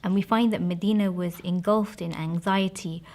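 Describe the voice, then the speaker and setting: A woman's voice: fairly low pitch, steady tone, moderate pace, a little mellow. A woman recounting religious history for a documentary, thoughtful and given to restarts. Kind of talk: documentary storytelling. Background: background music.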